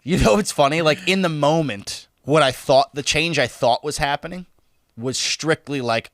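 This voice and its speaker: A man's voice: fairly high pitch, normal speed, no room sound, studio quality. A man co-hosting a podcast, telling a story in casual, profane chat and laughing as he goes. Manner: animated, profane, laughs while telling stories. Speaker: podcast co-host.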